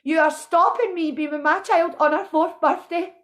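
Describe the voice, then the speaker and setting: A woman with a very high voice rants with raw emotion. She accuses and pleads in turn, her voice strained with feeling. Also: steady tone, normal speed, a bit bright. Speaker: protesting mother. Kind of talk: impassioned video rant.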